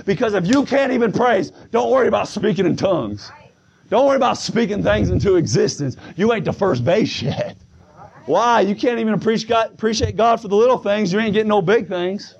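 A man preaching a fervent sermon, shouting in bursts while losing his voice. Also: sits high, animated, a little fast, gravelly, breathy edge. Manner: shouting, call-and-response preaching. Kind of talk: pentecostal-style sermon. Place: church sanctuary. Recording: muffled, lo-fi church recording.

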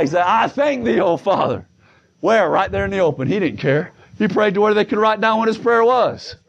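A man preaching a fervent sermon, shouting in bursts while losing his voice. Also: high-pitched, gravelly. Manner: shouting, call-and-response preaching. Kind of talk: pentecostal-style sermon. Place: church sanctuary. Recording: muffled, lo-fi church recording.

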